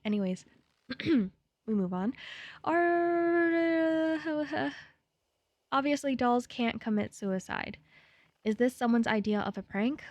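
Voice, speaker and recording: A woman's voice: mid-range voice, a little mellow, dry recording. Playful young woman streamer, dry close sound. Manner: playful and chatty, jittery when scared. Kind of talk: live game stream, reading game text aloud.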